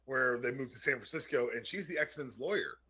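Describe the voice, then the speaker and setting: A man chatting on a podcast, quick and joking, full of comic-book references. His voice is bright and slightly husky, and his pitch jumps widely as he talks fast. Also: lively intonation. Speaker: podcast co-host. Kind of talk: casual chat.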